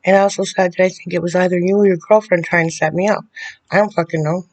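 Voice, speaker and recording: A woman speaking straight to the camera in a video letter, bitter and confrontational, often halting and restarting her sentences. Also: on the low side, fairly even intonation, darkish tone. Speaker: vlogger addressing a public figure.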